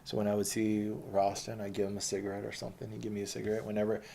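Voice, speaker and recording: A man's voice: fairly low pitch, monotone, racing, creaky, dark tone, slight background noise. A man reads his old posts aloud and comments on them in a rambling, blunt and profane way. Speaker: former protester recounting his past.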